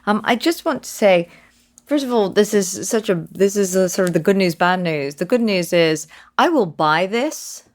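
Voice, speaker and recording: A woman's voice: mid-range voice, animated, moderate pace. A woman as an investor, chatty and self-deprecating as she gives her verdict. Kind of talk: investor panel chat.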